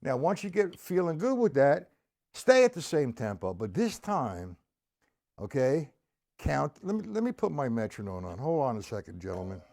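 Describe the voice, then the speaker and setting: A man's voice: mid-range voice, sing-song, normal speed, gravelly, darkish tone. A middle-aged man teaching a live-streamed drum lesson, patiently explaining and counting aloud as he plays.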